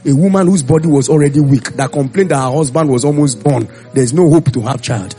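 A man's voice: medium pitch, fairly quick, faint music behind. A man preaching a sermon, telling Bible stories and acting out the voices of the people in them. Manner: animated storytelling, acting out voices.

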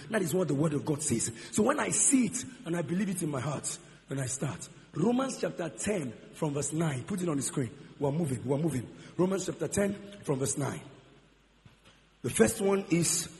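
A man preaching a sermon, quizzing the congregation and repeating key phrases. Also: fairly high pitch. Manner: call-and-response questioning, repeats key phrases. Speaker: pastor. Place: large church hall. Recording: long church hall reverb.

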